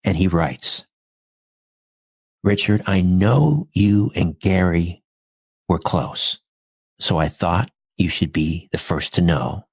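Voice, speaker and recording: Deep, husky-voiced man telling a story. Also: slow, long pauses, dry recording, studio quality. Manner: earnest, reflective, recounting events step by step. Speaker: podcast guest. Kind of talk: personal storytelling in conversation.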